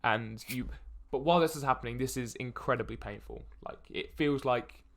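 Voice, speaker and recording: A young man narrating as dungeon master in a tabletop game, halting with many fillers. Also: medium pitch, gravelly. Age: young adult. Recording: faint background hiss.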